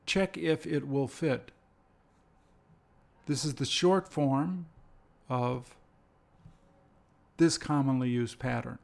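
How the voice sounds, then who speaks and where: A man teaching an English lesson, speaking slowly and carefully and repeating example phrases. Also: mid-range voice, creaky. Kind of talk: slow, deliberate language lesson.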